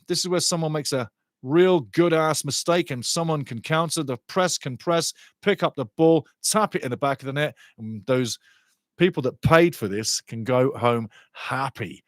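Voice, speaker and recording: A man commentating live on a soccer match for a watchalong stream, excitable and sarcastic, often repeating his phrases. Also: a little high, no room sound, clean studio sound.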